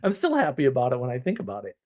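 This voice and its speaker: A man hosting a live stream, talking casually and answering chat in an animated, opinionated, rambling way with frequent restarts, from a home setup on a desk mic. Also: medium pitch, very fast.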